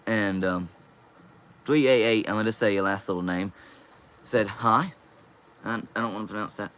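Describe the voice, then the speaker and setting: Casting: young man, live stream host, bright and forward tone, reads chat comments aloud and replies. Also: on the low side, normal speed, clear, resonant tone. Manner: reads viewer comments aloud and answers them.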